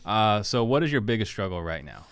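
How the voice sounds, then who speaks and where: A man's voice: fairly low pitch, big pitch swings, a little fast, fairly bright tone, clean tone. A man hosting a casual interview, asking short questions and giving brief replies.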